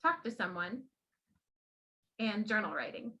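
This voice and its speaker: A woman who trains teachers, giving a classroom demonstration and gently coaching a child as she explains. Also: mid-range voice, very animated, a little slow, muffled recording.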